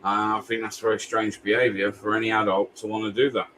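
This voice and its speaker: A man's voice: on the low side, flat delivery, fast, pushed and bright, a little hiss or hum. A British man in a heated casual debate, blunt and swearing, calling others "mate".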